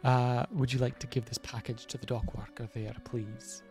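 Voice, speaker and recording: A man's voice: medium pitch, level tone, normal speed, a little mellow, lightly acted. A man doing a prim, overly polite villager. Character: polite fussy villager asking a delivery favor. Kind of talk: reading game dialogue aloud. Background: faint game music.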